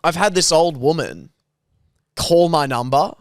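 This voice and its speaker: A young man on a podcast mic, talking in a blunt, sweary storytelling way. His voice sits a little high and comes through smooth and clear. The sound is dry and close. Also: a little slow, no room sound. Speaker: podcast co-host. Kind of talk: casual banter.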